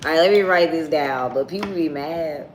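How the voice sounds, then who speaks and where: A woman's voice: deep voice, normal speed. A woman reading tarot on a live stream, chatting casually and bluntly with her viewers. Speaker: tarot reader. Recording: echoey room with faint ambient noise.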